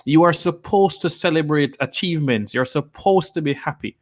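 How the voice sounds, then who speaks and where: A man's voice: fairly high pitch, moderate pace. Male host, live stream chat, earnest and persuasive, repeats himself as he builds a point. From Jamaica. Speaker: host and investor. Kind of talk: live stream talk reading viewer comments.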